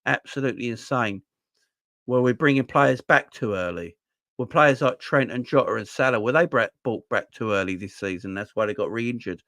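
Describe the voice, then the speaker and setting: A man's voice: mid-range voice, moderate pace, fairly bright tone, no echo. Emphatic London-accented man, dry sound. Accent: Southern English (London). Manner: emphatic, repeats himself, asks viewers rhetorical questions. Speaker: fan channel host. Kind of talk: casual livestream chat.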